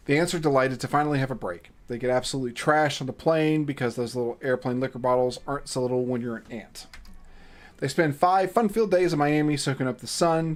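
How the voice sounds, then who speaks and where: Casual man reading a game aloud. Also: a little high. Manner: casual, swearing, chatty asides. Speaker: streamer.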